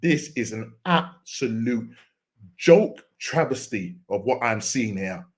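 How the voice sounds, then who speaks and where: A man's voice: mid-range voice, lively intonation, slow pace. A man hosting a football fan reaction, ranting with exasperation and often repeating and restarting his words. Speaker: football fan channel host. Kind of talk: post-match fan reaction rant.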